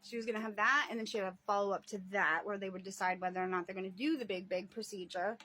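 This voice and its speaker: A woman's voice: medium pitch, very fast, pushed and bright, a little hiss or hum. A woman caring for her parents, talking in a rambling casual video diary, laughing often and sighing. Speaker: vlogger and family caretaker.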